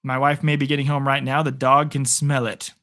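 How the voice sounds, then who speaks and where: A man's voice: medium pitch, level tone, fairly quick, a bit bright. Chatty man streaming live play-by-play. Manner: chatty, rambling, talks to viewers. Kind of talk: casual live play-by-play and chat. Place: at home. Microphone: phone propped on a picture frame.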